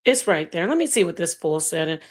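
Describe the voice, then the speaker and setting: A woman's voice: fairly low pitch, brisk. Blunt, sassy woman host. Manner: blunt, sassy, animated, jumps to loud outbursts. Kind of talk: livestream commentary reading chat.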